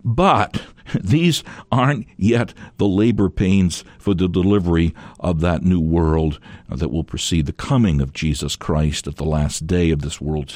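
A man delivers a radio sermon in a lowish voice that rises and falls a great deal. He speaks earnestly and emphatically, pressing on the words that matter. The sound is dry and close, with no room around it. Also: a little mellow, no room sound. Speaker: radio Bible teacher.

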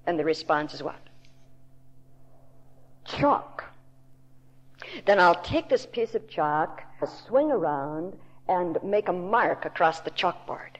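A woman Bible teacher giving a sermon in a deliberate, emphatic storytelling manner. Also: lowish voice, expressive. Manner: slow, deliberate, emphatic storytelling with quoted voices. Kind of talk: recorded sermon to a women's audience. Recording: dull lo-fi tape recording.

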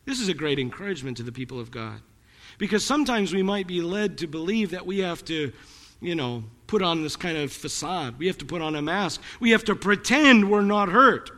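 A man's voice: high voice, lively intonation, a little fast, pushed and bright, big-room sound. A man pastor preaching a sermon to his congregation in a church, earnest and dramatic. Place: church sanctuary.

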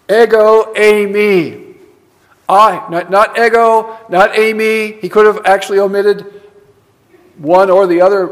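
A man's voice: high voice, in a large hall. A man preaching a sermon from the pulpit, emphatic and repeating words for stress. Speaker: pastor. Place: church sanctuary.

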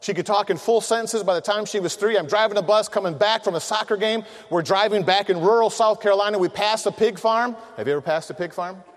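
High-voiced middle-aged man preaching in reverb. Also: quick pace, few pauses. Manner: animated storytelling, acting out family voices. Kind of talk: sermon with humorous stories. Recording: long reverb of a large hall.

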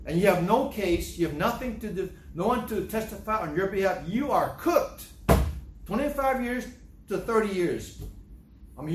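Emphatic preacher asking rhetorical questions. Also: male voice, high-pitched, roomy sound, a little hiss or hum. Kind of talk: sermon.

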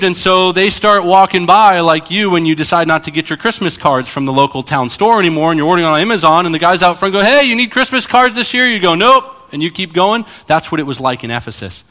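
Animated preacher in a reverberant hall. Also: male voice, on the high side, fairly quick. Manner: animated, acts out Bible scenes. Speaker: pastor. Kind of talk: sermon.

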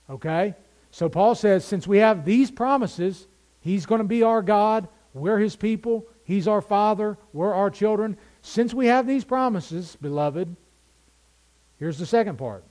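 A man's voice: sits high, unhurried, darkish tone. A man preaching a teaching sermon, often putting questions to the congregation. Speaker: pastor.

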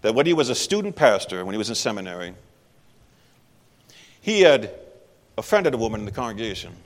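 A man's voice: fairly low pitch, very animated, a little fast. A man preaching a sermon in a church, speaking conversationally and emphatically and putting questions to the congregation. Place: church sanctuary. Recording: long hall reverb.

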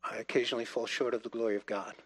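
A man preaching a sermon with emphatic repetition, dropping quiet and then rising loud. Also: medium pitch, flat delivery, very fast, husky, dry recording. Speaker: pastor.

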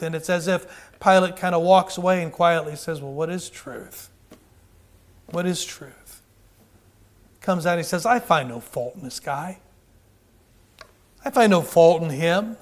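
Male preacher, high voice, fervent sermon delivery with call-outs, roomy hall. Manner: fervent, calls out to the congregation, many restarts.

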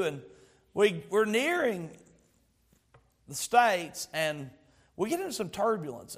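A man preaching a sermon as a pastor, stretching out key words for emphasis and telling stories with humor. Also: high voice. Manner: storytelling with humor.

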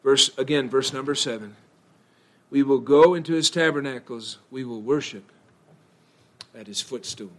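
Speaking at a normal speed, a male pastor delivers a church sermon that swings from soft, low-voiced lines to loud, fervent outbursts.

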